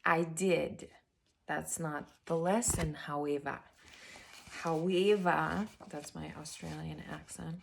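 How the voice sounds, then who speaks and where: A woman's voice: sits low, little pitch movement, a little slow, vocal fry, a little hiss or hum. A woman giving a casual, enthusiastic tarot reading and spiritual chat, talking straight to her viewers. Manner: chatty and enthusiastic, addressing viewers as guys; drops to a whisper while turning cards. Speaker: tarot reader and spiritual coach.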